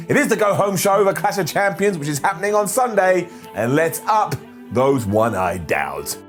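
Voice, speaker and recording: Animated, sarcastic man recapping wrestling. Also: high-pitched. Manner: sarcastic, jokey, animated, with silly put-on voices. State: nursing a scratched eye. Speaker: wrestling show recap host. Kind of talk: comedic video recap.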